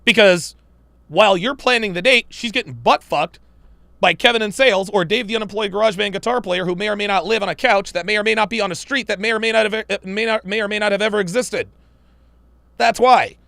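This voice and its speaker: A man's voice: sits high, fairly quick, creaky, bright, forceful tone, no room sound. A man hosting a live-stream commentary show, talking in a profane, emphatic and preachy way. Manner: mocks women in put-on voices.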